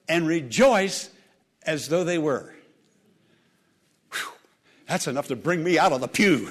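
A man with a notably high voice delivers a fervent sermon. He exhorts his listeners, repeating phrases and moving between quiet intensity and loud emphasis. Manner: fervent, repetitive exhortation with dramatic swings. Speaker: pastor.

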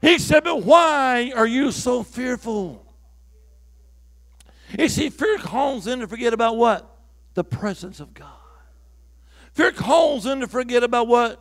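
Pastor guy preaching, high voice, gravelly, shouts then drops to a whisper. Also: animated, a little slow, long pauses. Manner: preaching with call-and-response, swings from loud shouts to hushed whispers. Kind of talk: sermon.

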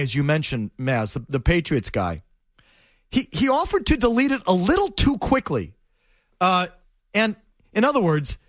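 A middle-aged man on a sports talk show drives his argument home again and again. His voice sits high and moves in wide swings. The sound is close and dry. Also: fairly bright tone, no room sound. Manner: emphatic, repetitive, argumentative.

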